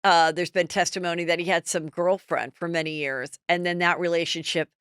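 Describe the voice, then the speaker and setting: A middle-aged woman hosting a podcast, chatting casually and gossiping about celebrities in an animated storytelling way. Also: on the low side, fairly quick, clean tone, no room sound, studio quality. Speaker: podcast host.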